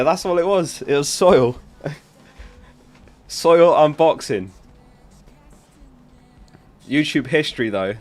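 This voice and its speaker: A young man hosting a casual livestream, chatty and giggly as he talks to his viewers from home. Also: mid-range voice. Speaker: livestream host. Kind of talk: casual live-stream chat.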